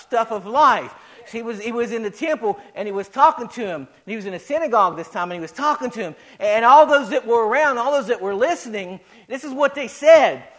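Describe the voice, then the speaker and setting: A man's voice: high-pitched, fairly bright tone. A male pastor preaching a sermon in a folksy way, repeating phrases as his voice swells and drops.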